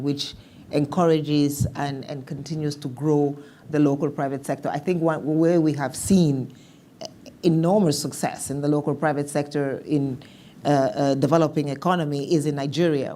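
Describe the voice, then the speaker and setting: A woman speaking as a panelist in a policy discussion, measured and thoughtful, with some restarts. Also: low voice, dark tone.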